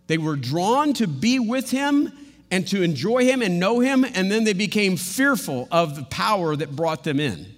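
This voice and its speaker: Animated high-voiced male preacher in a hall. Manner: animated, acts out quotes in playful voices. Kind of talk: sermon.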